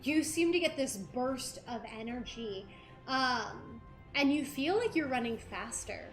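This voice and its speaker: A woman narrating a tabletop game as dungeon master, describing scenes in an unhurried way and often giggling. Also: high-pitched, expressive. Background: faint game music.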